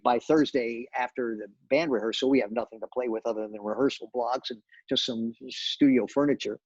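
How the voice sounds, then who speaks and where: A man's voice: medium pitch, a little mellow, husky, no room sound, highs cut off. An older man, a television director, telling behind-the-scenes stories in an interview, full of restarts and repeated words. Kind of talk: storytelling interview.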